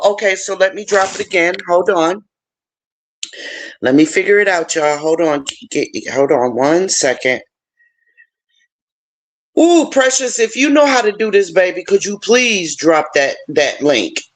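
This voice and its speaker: Slow-talking emotional woman host. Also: on the low side. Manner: chatty, emotional, talks to viewers as y'all. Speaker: livestream host. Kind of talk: casual livestream chat.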